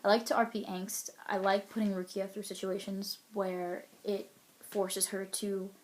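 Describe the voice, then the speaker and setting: Young woman, casual vlog chat, middle pitch, rambling, candid, giggly. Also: level tone, measured pace, a little mellow. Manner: chatty and candid, lots of ums and little laughs. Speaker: role-player answering a profile questionnaire.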